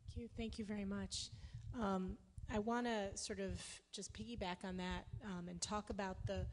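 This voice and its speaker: A woman moderates a panel discussion at a middle pitch. She talks conversationally and keeps circling back and restarting her sentences. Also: little pitch movement, normal speed, darkish tone. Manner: conversational, many restarts and fillers. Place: lecture hall.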